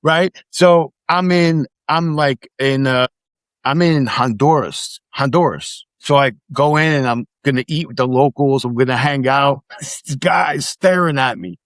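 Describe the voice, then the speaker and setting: A middle-aged man, a podcast guest, casually telling animated stories, acting out the quotes and swearing freely. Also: mid-range voice, a little slow, no room sound. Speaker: podcast guest, former immigration officer. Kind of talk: casual storytelling in conversation.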